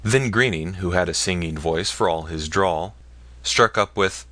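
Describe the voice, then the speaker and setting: Low-voiced male audiobook narrator. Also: moderate pace, bright, forceful tone, no room sound. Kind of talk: scripted narration.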